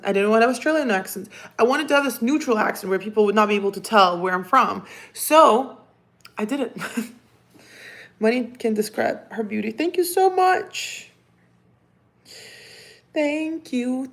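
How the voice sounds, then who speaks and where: Reading viewer comments out loud and talking to her cat, a Russian-native woman hosts a relaxed live stream. She speaks a little fast, in a fairly high and fairly bright voice.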